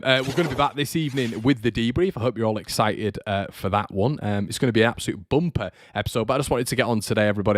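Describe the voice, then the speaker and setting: Chatty low-voiced man. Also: dry recording, studio quality. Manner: chatty, rambling, reads viewer comments. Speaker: fan channel host. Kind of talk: casual livestream chat.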